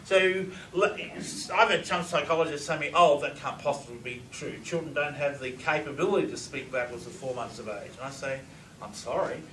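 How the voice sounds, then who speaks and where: A man's voice: mid-range voice, brisk, hardly any pauses, sharp tone. Enthusiastic middle-aged male lecturer, echoey room. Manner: enthusiastic, asks audience questions. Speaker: lecturer on reverse speech. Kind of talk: recorded lecture with audio examples. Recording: echoey room, far from mic, faint hiss.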